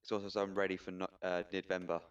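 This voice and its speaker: A man's voice: sits low, monotone, fast, smooth. A man chatting casually on a stream in a laid-back, easygoing way. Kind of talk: casual chat. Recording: distant, dull-sounding mic.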